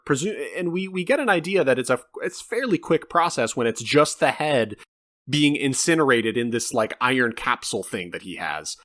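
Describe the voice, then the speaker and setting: A man co-hosting a podcast, chatting casually about a film in an animated, rambling way with some swearing. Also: medium pitch, moderate pace. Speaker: podcast co-host. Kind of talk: casual film review chat.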